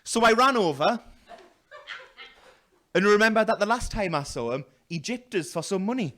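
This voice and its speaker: A man doing a stand-up comedy set in a small venue, telling a story loudly with put-on voices and self-mocking asides. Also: high-pitched, expressive, unhurried.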